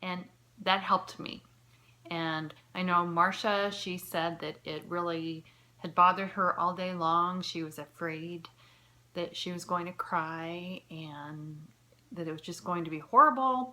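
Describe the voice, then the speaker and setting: A woman in her fifties talks straight to the camera, telling her own story in a heartfelt, earnest way. Her pitch sits in an ordinary middle range. Now and then she drops to a near whisper. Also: pushed and bright. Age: 50s. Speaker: vlogger.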